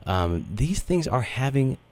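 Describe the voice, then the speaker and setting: Hosting a spiritual radio talk show, a man speaks in a meandering, earnest style with plenty of fillers. His medium-pitched voice is sing-song and unhurried.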